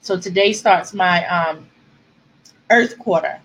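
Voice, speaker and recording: A woman's voice: lowish voice, slow, breathy edge, low-quality recording. A woman author chatting with her viewers on a livestream, answering comments and close to tears at times. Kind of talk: casual livestream chat.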